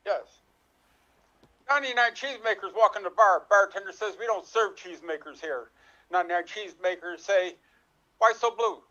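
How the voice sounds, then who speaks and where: A man, an improv player, telling jokes in a rapid, clipped way. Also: sits high, bright, forceful tone. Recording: dull lo-fi audio.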